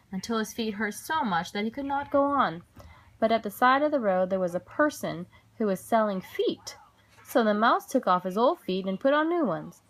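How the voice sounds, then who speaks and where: Mom reading bedtime stories out loud, gentle and expressive, medium pitch. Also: female voice. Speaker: parent reading aloud.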